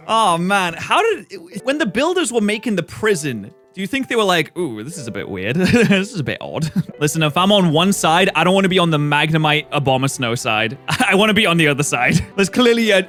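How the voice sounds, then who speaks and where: A man giving playful, joking gameplay commentary, swinging between excited outbursts and deadpan mutters. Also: high-pitched. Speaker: gaming YouTuber.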